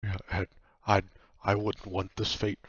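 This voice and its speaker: A man's voice: fairly low pitch, level tone, unhurried, a bit bright, slightly rough, no echo. A man narrating a tabletop game as game master, hesitant and full of fillers, on a dull, dry, lo-fi recording.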